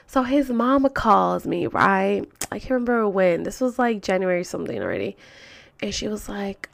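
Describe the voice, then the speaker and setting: A young woman telling a personal story in casual, animated talk, swearing freely and acting out quotes. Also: medium pitch, normal speed, gravelly.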